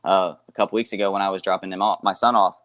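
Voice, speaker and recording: Casting note: male co-host, low voice, rambling, halting delivery. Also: steady tone, a bit bright, slight background noise. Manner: rambling, halting, laughs easily. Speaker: guest co-host. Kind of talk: casual podcast banter.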